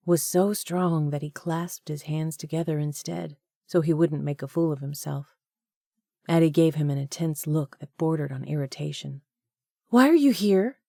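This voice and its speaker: Brief: woman reading a romance novel aloud, warm dark tone, even pace. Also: deep voice, moderate pace, gravelly, dry recording, clean studio sound. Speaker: audiobook narrator. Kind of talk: scripted audiobook narration.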